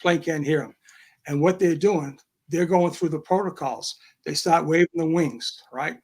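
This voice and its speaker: An older man, a guest on an interview show, telling a long story in a casual, animated way, acting out quoted voices and checking in with "right?". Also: a little high, measured pace. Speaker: guest, retired federal drug agent.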